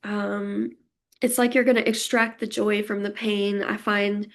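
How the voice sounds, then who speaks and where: Gravelly-voiced woman doing a tarot reading. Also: mid-range voice, flat delivery, unhurried. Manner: chatty and emotional, laughing often; warm, reassuring tone toward viewers. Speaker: tarot card reader. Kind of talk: casual pick-a-card tarot reading.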